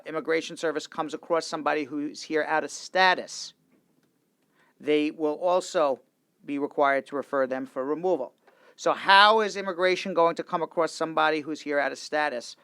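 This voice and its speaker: A man, an immigration lawyer hosting a casual legal talk show, speaks in an animated way and often restarts and repeats his sentences in a studio. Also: fairly high pitch, creaky, smooth, no echo.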